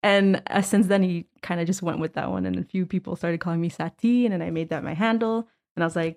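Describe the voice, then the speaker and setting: A young woman with a somewhat low voice talks in a relaxed, chatty way as an interview guest. She is from Montreal and leans on fillers like "essentially" while laughing easily. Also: fast talker, vocal fry, hardly any pauses. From Canada, Montreal. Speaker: guest artist. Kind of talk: casual interview chat.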